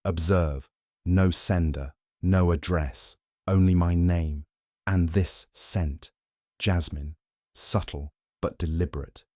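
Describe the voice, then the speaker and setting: A man voicing a fastidious little detective with a French accent, speaking softly but with precise authority in a storybook reading. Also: low-pitched, steady tone, no room sound, clean studio sound. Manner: soft but commanding, precise. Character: fastidious little male Belgian detective, commanding.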